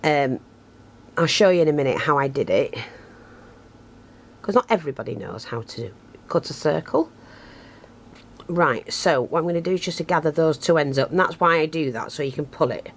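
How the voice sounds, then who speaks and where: A woman's voice: sits low, lively intonation, moderate pace. A woman giving a casual craft tutorial, chatty and self-deprecating, thinking aloud as she works close to the camera. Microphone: camera close to her hands, picks up breathing.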